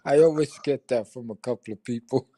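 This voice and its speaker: A man's voice: mid-range voice, brisk, dark tone, no echo. An older man from New York with a New York accent, telling stories in casual profane chat on a livestream. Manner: profane, storytelling, street talk. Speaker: livestream co-host.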